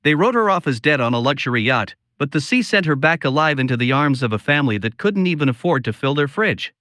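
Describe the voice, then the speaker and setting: A man narrating a scripted first-person story in a slow, solemn, confiding way. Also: on the high side, expressive, fairly bright tone, dry recording, studio quality.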